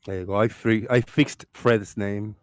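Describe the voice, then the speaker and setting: A man hosting a casual livestream chat, telling stories in an animated way and laughing often. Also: on the low side, unhurried, clean tone, no echo. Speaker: livestream host.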